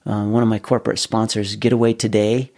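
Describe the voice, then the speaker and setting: A middle-aged man telling his story in a casual interview, animated, often restarting and repeating his words. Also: on the low side, a little fast, creaky. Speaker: guest.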